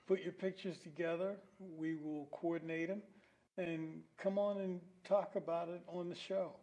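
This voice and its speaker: A man's voice: fairly high pitch, fairly even intonation, moderate pace, warm tone, low-quality recording. A man hosting a local-history talk show, rambling a little with fillers and restarts. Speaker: host. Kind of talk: casual local-history chat.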